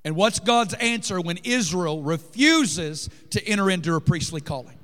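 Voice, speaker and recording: Male preacher with a slightly high voice, fervent sermon delivery, recorded in a big echoing hall. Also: expressive, normal speed. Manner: fervent, builds to shouting peaks. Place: large church hall. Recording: long reverb in a large hall.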